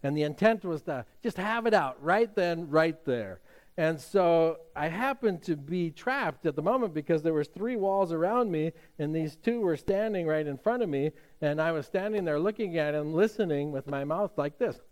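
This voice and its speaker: A man's voice: fairly high pitch, animated, normal speed, darkish tone. A middle-aged man preaching a sermon as pastor, talking in a conversational storytelling way with frequent fillers and restarts.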